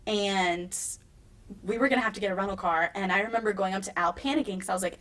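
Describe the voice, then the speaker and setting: A woman in her thirties, a wrestler, telling her story in a casual interview and acting out quotes with lively jumps in her voice. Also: fast. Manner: animated, acts out quotes with big pitch jumps. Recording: slightly distant mic, faint room noise.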